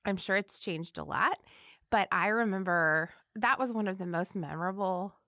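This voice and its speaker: A woman with a St. Louis accent hosting a podcast, chatting warmly and encouraging her guest. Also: mid-range voice, no room sound, clean studio sound. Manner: warm, encouraging, quick affirmations. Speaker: podcast host. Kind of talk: casual interview chat.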